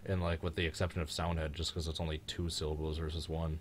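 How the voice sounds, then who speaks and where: A man's voice: extremely low pitch, flat delivery, fast talker, a little hiss or hum. A young man hosting a live stream, chatting casually and joking in a rambling way.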